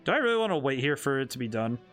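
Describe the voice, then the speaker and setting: A man's voice: mid-range voice, big pitch swings, racing, fairly bright tone, soft background music. A man, a game designer, chatting casually while streaming a game, rambling and thinking aloud with many restarts. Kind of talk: casual gameplay commentary.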